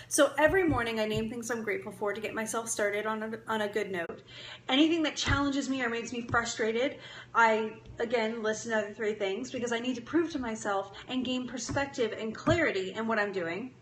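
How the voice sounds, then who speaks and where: Speaking at a moderate pace in a slightly high, somewhat bright voice, a young woman offers daily affirmations on a casual live stream. She's cheerful and encouraging, laughs a lot, and talks with viewers, and the echoey room carries faint background noise.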